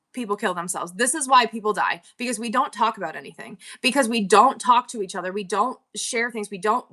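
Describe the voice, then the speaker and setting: Bright-voiced woman chatting candidly on stream. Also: on the high side. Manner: candid, rambling, laughs often. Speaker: live-stream seller. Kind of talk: casual live-stream chat.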